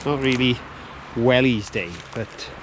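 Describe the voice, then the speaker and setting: A man chatting casually outdoors by a lake as a vlog host, self-mocking and relaxed. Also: mid-range voice, takes it slowly, background noise.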